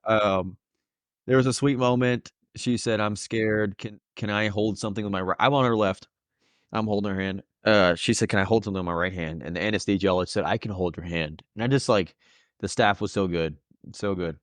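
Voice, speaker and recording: Earnest man with a low voice. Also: a little fast, dry recording. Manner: earnest, emotional, laughs often. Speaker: podcast host, new father. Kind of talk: casual podcast chat.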